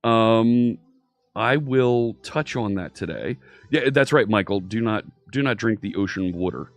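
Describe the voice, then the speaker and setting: Upbeat Philadelphia man, lower voice. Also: unhurried. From Philadelphia, USA. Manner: upbeat, greets viewers by name. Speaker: programming instructor and streamer. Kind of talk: casual live-stream coding chat. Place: home studio. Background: faint synthwave music.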